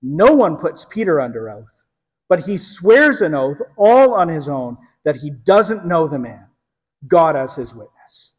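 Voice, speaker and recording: Male preacher, dramatic and emphatic storyteller, slow deliberate delivery, long room reverb. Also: on the high side, big pitch swings, slightly rough. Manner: dramatic storytelling, emphatic, drops to hushed tones. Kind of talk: sermon.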